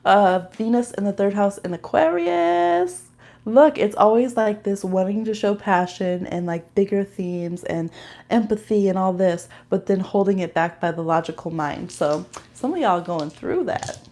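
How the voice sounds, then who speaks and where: A woman in mid-range pitch doing a live tarot reading, talking straight to her viewers in a loose, conversational way. She laughs easily and often while she reads out the cards. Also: unhurried, a little mellow. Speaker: tarot and astrology reader.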